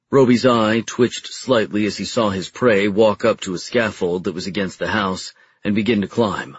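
A man reading a novel aloud in steady audiobook narration, dropping lower and quieter for the characters' dialogue. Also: breathy edge, no room sound, highs cut off.

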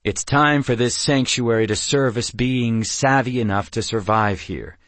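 A man's voice: mid-range voice, a little slow, fairly bright tone, no room sound, close to an everyday voice. A grim antlered chieftain speaking with cold, formal sternness, as a male narrator voices him. His voice sits in a plain middle range and is recorded close and dry, like a storybook warlord. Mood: stern.

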